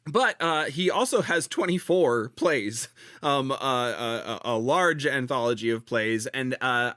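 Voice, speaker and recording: A man's voice: mid-range voice, pushed and bright, clear, resonant tone, dry recording, clean studio sound. A man hosting a podcast, giving a background talk in a casual, hesitant way with many restarts. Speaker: podcast host.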